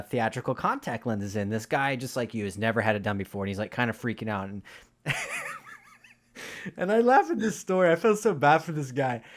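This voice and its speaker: A man hosting a casual interview, telling a story in a chatty, animated way. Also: medium pitch. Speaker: host.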